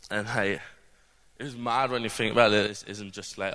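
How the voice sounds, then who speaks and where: A man's voice: on the low side, steady tone, a little fast, pushed and bright, clear, resonant tone. A young man from the UK giving an earnest, rambling testimony at a church gathering, full of fillers. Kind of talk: informal testimony talk. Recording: long hall reverb.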